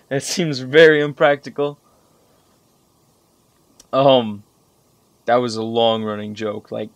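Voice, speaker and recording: A man's voice: medium pitch, no echo. Profane rambling young man recapping a strategy game. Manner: profane, rambling, animated when recalling frustration. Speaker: gameplay commentator. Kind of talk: casual gameplay commentary over recorded footage.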